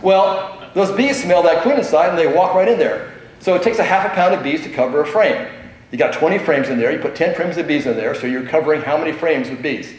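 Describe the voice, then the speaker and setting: A man's voice: a little high, a little fast. Chatty man telling stories in an echoey hall. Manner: chatty storyteller, laughs often, many fillers. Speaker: convention speaker. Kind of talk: conference talk with anecdotes. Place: large convention hall. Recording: echoey hall with strong reverb.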